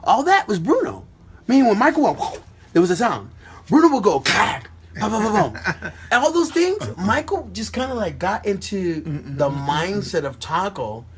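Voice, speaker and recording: A middle-aged man, a dancer, telling stories casually in an animated, excited way and acting out other people's voices. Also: high-pitched, normal speed, noisy background. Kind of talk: casual storytelling.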